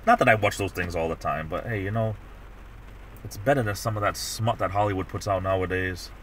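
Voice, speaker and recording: A man's voice: sits low, brisk, a bit bright, slight background noise. A middle-aged man hosting a livestream, chatting casually in a rambling way with many restarts. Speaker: livestream host. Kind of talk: casual chat.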